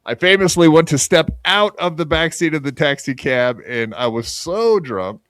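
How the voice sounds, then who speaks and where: A man's voice: a little high, expressive, normal speed, a bit bright, clear, resonant tone, no echo. A man hosting a podcast in casual, crude chat, rambling with lots of fillers and poking fun at himself. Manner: rambling, crude, self-mocking, many fillers. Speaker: podcast host.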